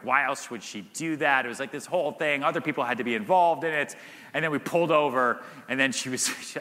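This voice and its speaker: A man in his thirties, a guest at a live summit, tells stories with lots of laughs and "like" fillers. His voice is very bright and cutting. It echoes through a large hall. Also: mid-range voice. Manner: animated storyteller, laughs often, many "like" fillers. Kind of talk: live Q&A storytelling. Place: event stage. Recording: reverberant hall.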